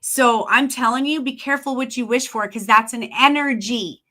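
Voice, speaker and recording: A woman with a bright, higher voice talks in a casual podcast chat. She tells her stories with animation and acts out the voices of the people she quotes. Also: moderate pace. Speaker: guest psychic.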